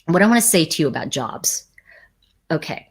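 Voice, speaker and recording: A woman hosting a livestream, talking casually and emphatically to her chat audience in a rambling, animated way. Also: sits low, normal speed, husky. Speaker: livestream host.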